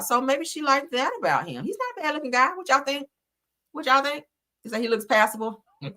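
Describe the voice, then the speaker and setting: A woman hosting a livestream reads celebrity news aloud, sassy and chatty, laughing often with her viewers. Her medium-pitched voice sounds pushed and bright.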